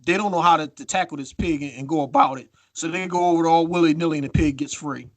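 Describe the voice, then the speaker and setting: Animated man telling a story, dry close sound. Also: on the high side, fast, no room sound. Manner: animated storytelling, acts out quotes, swears freely. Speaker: podcast co-host. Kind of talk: casual chat.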